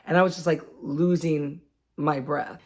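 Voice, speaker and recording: A woman in her late thirties talking casually about her own experiences, chatty and quick to laugh. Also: sits low, steady tone. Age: 30s. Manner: chatty, laughs often, acts out quotes. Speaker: vlogger. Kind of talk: casual chat.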